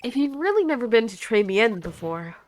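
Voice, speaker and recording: A woman's voice: fairly high pitch, sing-song, moderate pace, darkish tone, a little hiss or hum. A woman voicing an earnest young male defense lawyer, asking firm, pressing questions. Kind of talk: voicing game text in a playthrough.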